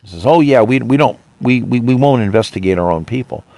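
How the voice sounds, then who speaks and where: A man's voice: medium pitch, animated, brisk, creaky, warm tone, no echo. A man hosting his own podcast, ranting indignantly and retelling his arguments with officials. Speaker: podcast host. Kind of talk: monologue.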